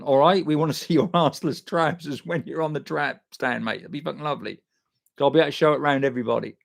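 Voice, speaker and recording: Gravelly bloke chatting live. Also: male voice, a little high. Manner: loose, sweary and matey, answering chat by name. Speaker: live stream host reading viewer comments. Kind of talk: casual live chat.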